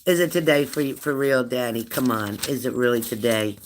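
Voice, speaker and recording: Speaking fairly quickly at a medium pitch with few pauses, a middle-aged host chats with viewers on a casual livestream. He reads their comments, pokes fun at them, and asks his questions more than once.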